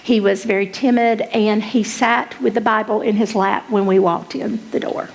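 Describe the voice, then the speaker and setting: A woman's voice: medium pitch, fairly even intonation, normal speed, vocal fry, low-quality recording. A middle-aged woman giving a candid, emotional personal testimony as a conference speaker.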